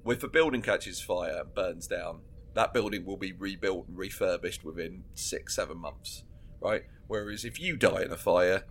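A man's voice: sits low, normal speed, a little hiss or hum. A man co-hosting a casual podcast chat, laughing often and acting out scenes as he retells them. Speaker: podcast co-host.

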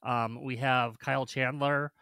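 Bright-voiced, hesitant male podcast co-host. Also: medium pitch, little pitch movement, a little slow, clean tone, no room sound. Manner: hesitant, many ums, poses questions. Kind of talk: casual film discussion.

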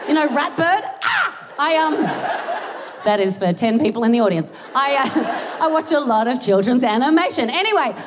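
On a large theatre stage, a young Australian stand-up speaks into a stage mic in a high voice with lively intonation at normal speed. Giggly and sweary, she rambles while teasing herself, as the live recording picks up the audience's laughter and noise.

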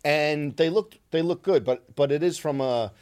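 A man's voice: on the high side, moderate pace, darkish tone, smooth. A man co-hosting a podcast in casual chat, teasing the others and joking around. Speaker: podcast co-host.

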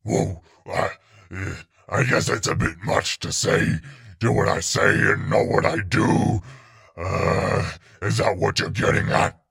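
A man voicing a big spiky turtle monster father who is sheepish, talking slowly and haltingly in a flat gravelly voice. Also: sits low, full character voice. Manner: slow, halting, flat delivery.

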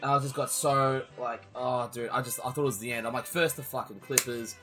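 A young Australian man co-hosting a podcast, telling a story in an excitable, sweary way. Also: mid-range voice, fairly quick, over music. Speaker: podcast co-host. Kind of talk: casual chat.

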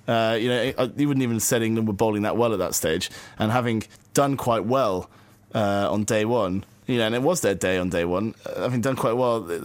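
A man with a low voice chats wryly about cricket. He fills pauses with fillers, and the recording is dry with no room sound. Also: dry recording. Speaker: cricket podcast co-host. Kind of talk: casual cricket discussion.

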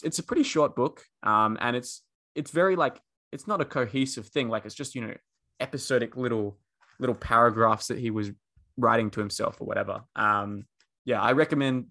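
A podcast co-host chats casually in a medium-pitched, fairly bright male voice. His talk rambles, full of ums, fillers and restarts.

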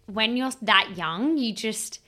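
A woman's voice: a little high, expressive, slow, bright, forceful tone. A woman co-hosting a casual chat, chiming in with reflective comments. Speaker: podcast co-host.

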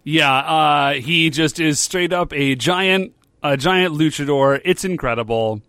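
Man co-host, fairly high voice, lively and agreeable, dry close mic. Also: measured pace, no room sound. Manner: agreeable, chiming in, acts out quotes. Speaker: podcast co-host. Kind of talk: casual chat recapping a show.

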